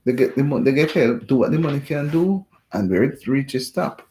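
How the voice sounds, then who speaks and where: A man talks to his livestream viewers from home in a loose, rambling way. He circles back over the same points, indignant, repeating phrases. His voice sits at an ordinary pitch with a warm, mellow tone. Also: lively intonation, normal speed, a little hiss or hum. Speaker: host of a livestream chat. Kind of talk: casual livestream talk.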